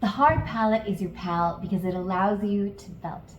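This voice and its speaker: A woman's voice: medium pitch, moderate pace, a little hiss or hum. Encouraging woman singing teacher, roomy sound. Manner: calm, encouraging step-by-step coaching with demonstrations. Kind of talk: guided vocal lesson.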